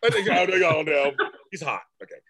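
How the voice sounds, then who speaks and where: A man co-hosting a casual podcast chat, animated and acting out lines in playful high voices. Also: moderate pace. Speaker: podcast co-host. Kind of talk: casual chat about a soap opera.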